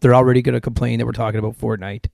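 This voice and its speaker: A man's voice: mid-range voice, little pitch movement, racing, gravelly, a little mellow, no echo. Rambling male podcast host, dry sound. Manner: rambling, many filler words. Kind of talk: casual chat.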